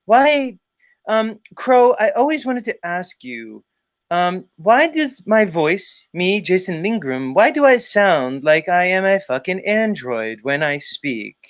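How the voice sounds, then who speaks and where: A man doing an impression of a stiff, theatrical online show co-host who speaks in a slow, over-emphatic, robotic way. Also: sits high, big pitch swings, pitched above the performer's own voice, full character voice.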